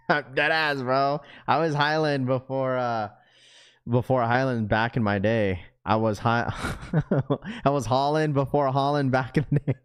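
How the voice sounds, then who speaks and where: A man livestreams casual chat, laughing often, joking loosely, reading viewer comments out loud, and peppering his slang with bro. His medium-pitched voice is steady, unhurried, clear and resonant.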